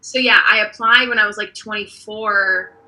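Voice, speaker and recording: A young woman in her twenties doing a deadpan stand-up set, hesitant and full of ums. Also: mid-range voice, normal speed, rough recording. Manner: awkward, hesitant, lots of ums. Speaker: stand-up comedian. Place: online comedy show.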